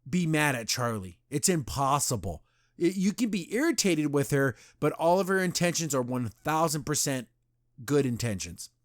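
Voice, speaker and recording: Guy doing a chill review podcast, dry close sound, gets animated retelling scenes. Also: on the high side, no echo. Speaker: podcast host. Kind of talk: casual episode review.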